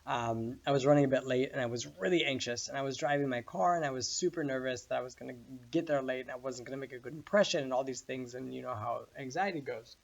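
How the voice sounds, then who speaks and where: Male meditation teacher, laid-back and chatty, fry in the voice. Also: mid-range voice, quick pace, few pauses, lo-fi sound. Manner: relaxed, storytelling, many fillers. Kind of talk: casual spoken lesson.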